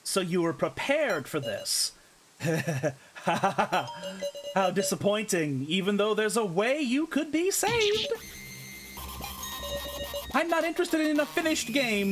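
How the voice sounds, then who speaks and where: Streamer doing smug game-master villain, slow and gloating, music going behind. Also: medium pitch, very animated.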